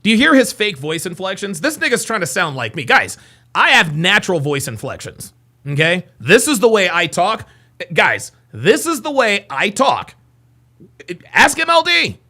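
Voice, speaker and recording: A man hosting a live reaction stream, reading viewer super chats and reacting with excitable, incredulous commentary. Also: high-pitched, normal speed. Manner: animated, voice rising often, excitable.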